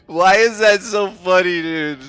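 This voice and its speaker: A man's voice: high-pitched, unhurried, fairly bright tone, clean tone, dry recording, soft background music. A young man streaming a game, chatting casually with viewers, laughing often and swearing freely. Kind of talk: casual chat while gaming.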